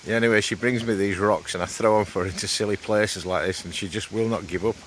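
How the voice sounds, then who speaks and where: With a quick pace and a lowish, fairly bright voice of fairly even intonation, a fifty-something Yorkshireman from England rambles along while walking his dog over hilly ground. He's chatty, a bit out of breath, and swears casually, with slight hiss or hum in the recording.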